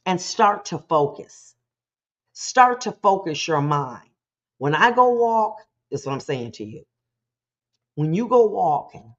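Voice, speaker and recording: Deep-voiced and recorded with lo-fi sound, this woman runs a motivational talk show. She preaches with conversational animation, taking on quick voices to play out scenes.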